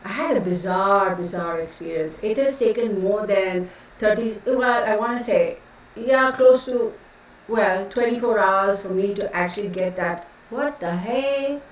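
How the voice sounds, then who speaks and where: A woman's voice: medium pitch, a little slow. Rambling woman in an echoey room. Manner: chatty, rambling, greets viewers by name. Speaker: tarot reader hosting a live stream. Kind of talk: casual live-stream chat. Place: home room with a fan running. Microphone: distant mic, noticeable echo. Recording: very echoey room, voice far from mic, faint fan noise.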